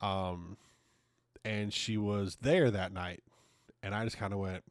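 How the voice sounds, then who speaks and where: A man's voice: lowish voice, steady tone, slow pace, no echo, clean studio sound. A man hosting his own podcast, ranting casually and swearing often in an exasperated way. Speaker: podcast host. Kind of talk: casual opinion monologue.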